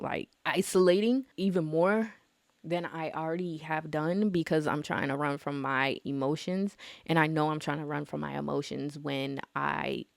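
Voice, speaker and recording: A young woman talks to her viewers in a loose, chatty vlog, dramatic and full of slang. Her voice sits on the low side for a woman and has a gravelly fry, but it swings up and down a lot. The sound is dry and close, with no room around it. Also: no room sound. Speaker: astrology vlogger. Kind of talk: casual chat to camera.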